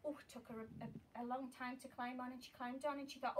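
A woman teacher reading a children's story aloud, animated, with dramatic gasps and suspenseful whispers. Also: sits high, quick pace, hardly any pauses, recorded from a distance, a little hiss or hum. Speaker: primary school teacher.

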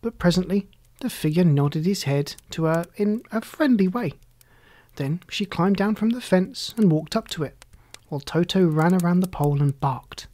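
A storyteller reading a classic children's story aloud in a calm, measured narration. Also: mid-range voice, no room sound.

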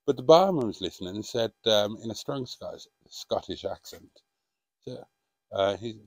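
A man's voice: on the low side, expressive, normal speed, darkish tone, no room sound. A middle-aged man reminiscing in a casual vlog monologue, rambling and hesitant with frequent ums. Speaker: vlogger.

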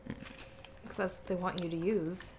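A woman's voice: on the low side, fairly even intonation, unhurried, a little mellow, slight background noise. A young woman co-hosting a gaming channel, teasing and sarcastically coaching her partner as he plays. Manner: teasing, sarcastic backseat gamer. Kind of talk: casual gameplay commentary.

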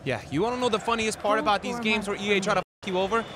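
A young man streaming a football video game, swearing and ranting, with his voice swinging from low mutters to angry shouts. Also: fairly even intonation, rapid-fire, background noise. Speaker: gaming streamer. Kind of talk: raging gameplay commentary.

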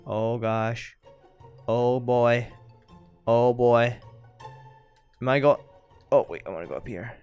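Young male gamer, excitable commentary, smooth clear voice, faint music bed. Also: medium pitch, slow pace, long pauses, lo-fi sound. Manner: excitable, talks to viewers as guys, yelps when startled. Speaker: gaming YouTuber. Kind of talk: gameplay commentary.

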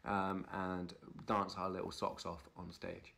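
A man's voice: deep voice, monotone, unhurried, gravelly, pushed and bright, slight background noise. A man hosting a casual livestream, chatting with a friend and thanking viewers by name. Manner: reads out viewer names and thanks them, chatty and upbeat. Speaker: livestream host.

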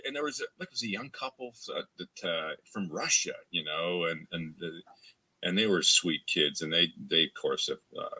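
Speaking at a moderate pace, the Canadian voice actor guest has a pushed, bright, slightly rough voice. His interview answers wander casually with restarts and fillers, and he voices quoted fans at a higher pitch.

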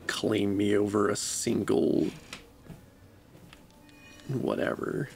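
A man's voice: fairly low pitch, level tone, takes it slowly, vocal fry, soft background music. A man streaming a game and chatting casually, laid-back and joking at his own expense. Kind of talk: casual gaming livestream chat.

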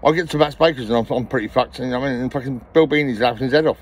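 Man, middle-aged, breathless, quick rambling delivery, swears a lot, vlog to camera. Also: medium pitch, slightly rough. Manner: rambling, swears constantly, repeats himself. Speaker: vlogger.

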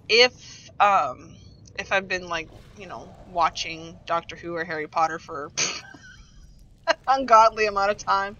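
A woman's voice: on the low side, unhurried, pushed and bright, dull audio. A woman streaming a game in rambling, giggly casual chat, swearing freely as she goes. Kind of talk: casual chat while playing.

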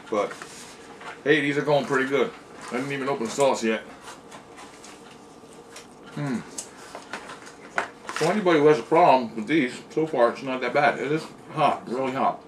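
Easygoing man tasting wings, distant mic. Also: medium pitch. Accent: Pennsylvania. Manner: easygoing, plain-spoken, chatty between bites. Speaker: food reviewer. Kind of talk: casual taste-test vlog. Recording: distant mic with noticeable noise.

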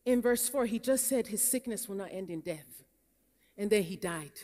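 A Nigerian American woman pastor preaches a sermon in a conference hall, her mid-range voice animated and mellow at a moderate pace. She tells stories that build into emphatic preaching, and the hall adds long reverb.

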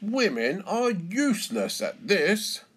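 A man voicing a boastful male dog running a fairground game, with a loud, mocking laugh. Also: on the high side, wildly swooping pitch, slow pace, pitched above the performer's own voice, heavily acted.

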